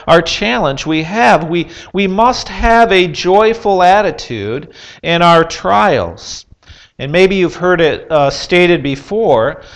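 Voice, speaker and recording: Slow, earnest preaching man. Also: on the high side. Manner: earnest, asks the listeners rhetorical questions; measured delivery with pauses and some "uh" fillers. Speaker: pastor. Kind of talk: sermon.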